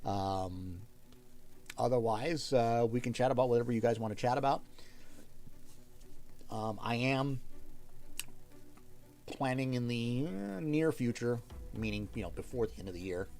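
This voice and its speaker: A man's voice: mid-range voice, unhurried, long pauses, darkish tone, faint music behind. A man hosting a livestream, chatting casually with viewers, thinking aloud and thanking them often. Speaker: livestream host reading requests aloud.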